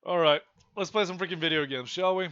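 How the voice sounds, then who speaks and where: A young man streaming, ranting to his chat in an exasperated, profane way with sudden loud outbursts. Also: sits high, brisk, clear, resonant tone, dry recording, lo-fi sound.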